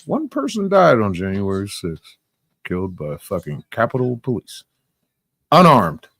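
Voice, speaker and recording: A man with a low voice hosts the chat and cuts in bluntly, cursing freely and arguing hard. His delivery swings widely up and down, and his voice sounds dry and close. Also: huge pitch swings, unhurried, gravelly, a bit bright, breathy edge, no room sound. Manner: profane, combative, blunt. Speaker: podcast host. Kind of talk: casual opinion chat.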